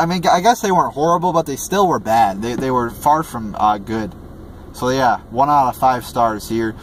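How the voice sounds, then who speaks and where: Male reviewer: exasperated, foul-mouthed ranter, mid pitch, faint noise behind. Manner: profane and exasperated, heavy swearing, many fillers and restarts. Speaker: wrestling show reviewer. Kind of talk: ranting video review.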